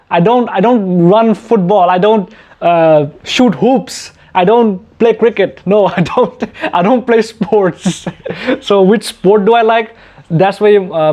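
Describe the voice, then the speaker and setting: A man's voice: high voice, darkish tone. A young man from India hosting a casual Q&A for his channel, chatty and self-mocking, laughing often. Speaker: YouTube channel host. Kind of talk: casual Q&A chat.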